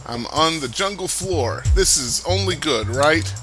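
A man's voice: fairly high pitch, lively intonation, measured pace. A man hosting a let's play, chatting casually over his gameplay in a rambling, joking, self-mocking way. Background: background music.

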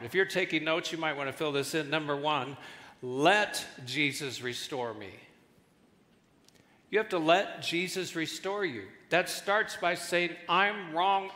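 A male guest pastor preaching a sermon with animated delivery and jokes, in a large church hall. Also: on the high side. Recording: echoey church hall with long reverb.

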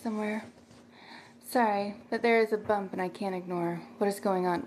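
A woman's voice: medium pitch, fairly even intonation, normal speed, a little mellow, slight background noise. A middle-aged woman chatting casually on a livestream, rambling and thanking viewers by name as she reads their comments.

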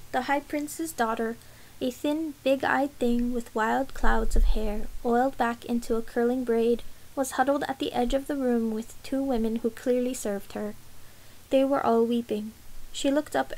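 Woman reading a novel aloud, slightly high. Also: steady tone, measured pace, a little mellow, rough recording. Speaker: audiobook reader.

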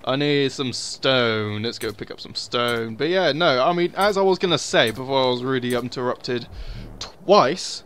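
A man's voice: medium pitch, measured pace, hardly any pauses, a bit bright, clear, resonant tone. A young man giving casual, sweary commentary over a survival game, muttering asides to himself. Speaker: gaming video host.

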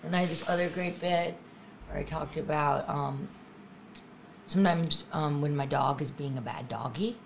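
A woman chatting as a comedy podcast host, deadpan and jokey. Her voice has a gravelly, creaky edge, with faint hiss behind her. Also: sits low, moderate pace. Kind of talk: casual comedic chat.

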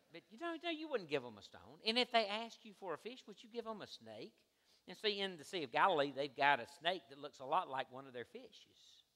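A male pastor with a high voice and a very bright, forceful tone preaches in a church sanctuary. His sermon swings from quiet, conversational asides to loud, ringing exhortation. A long reverb trails each phrase through the hall.

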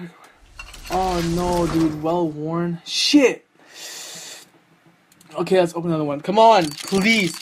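A young man hosting a gaming channel gives excitable, profane live commentary while opening game cases, swinging between hype and groaning despair. His voice is a little high, with background noise present.

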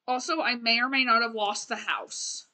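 Bright chatty young woman streamer. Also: a little high, fairly even intonation, normal speed. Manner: chatty, rambling, restarts and fillers, playful. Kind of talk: casual gameplay commentary.

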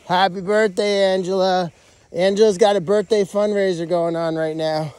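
The middle-aged sanctuary caretaker has a high, steady voice at a normal speed. Chatting on a casual livestream outdoors on a farm, he talks to rescue pigs and hollers their names.

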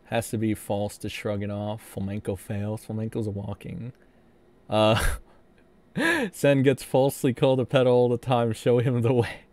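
A man hosting a casual livestream, rambling and profane, in animated commentary. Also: medium pitch, moderate pace. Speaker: streamer host.

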